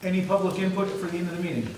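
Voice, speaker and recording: A man's voice: high-pitched, racing. A man chairing a school board meeting, running the agenda with dry, joking asides. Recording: echoey room, distant mic, noisy.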